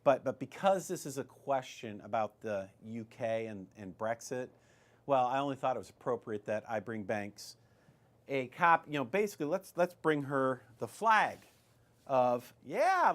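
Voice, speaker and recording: A man's voice: medium pitch, animated, unhurried. A man hosting a show on retirement investing, talking in a chatty, rambling way with many fillers and restarts. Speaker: financial advice show host. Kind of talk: casual retirement-investing advice talk.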